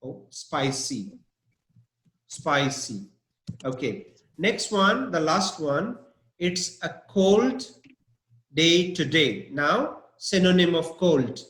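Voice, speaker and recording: Slow, patient man teaching vocabulary. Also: on the high side, big pitch swings, a bit bright, echoey room. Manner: slow, patient, spells words out letter by letter. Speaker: English teacher. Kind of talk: online vocabulary lesson.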